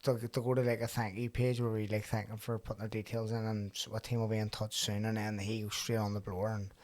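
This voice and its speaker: A man's voice: fairly low pitch, flat delivery, fast, darkish tone, no echo. A man in his thirties hosting a podcast in casual chat, swearing freely, laughing often and telling stories in bursts. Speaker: podcast host.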